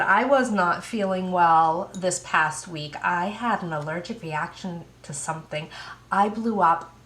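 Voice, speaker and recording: Slow-talking American woman, echoey room. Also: a little high, fairly bright tone. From United States. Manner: unhurried, rambling, with many fillers. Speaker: podcast host. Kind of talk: casual knitting podcast chat. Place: home.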